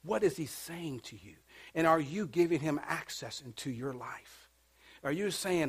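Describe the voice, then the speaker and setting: A man preaching a sermon in church, dropping to a hush and rising to loud calls, coaxing responses from the congregation. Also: a little high, normal speed, husky. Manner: swings from hushed to shouting, call-and-response preaching. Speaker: pastor.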